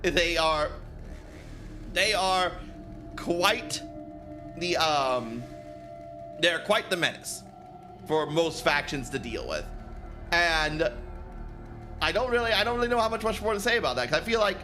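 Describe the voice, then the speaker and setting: A man's voice: on the high side, lively intonation, a little slow, pauses often, bright, forceful tone, faint music behind. A man streaming a game from home on a headset, rambling casually, swearing and laughing often. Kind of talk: casual gaming stream chat.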